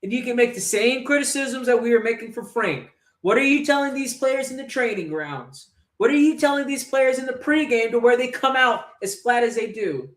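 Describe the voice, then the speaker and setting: In a room with a noticeable echo, a man running a football fan livestream rages through a profane reaction to the match, firing off rhetorical questions. He speaks at a moderate pace in a very high-pitched voice.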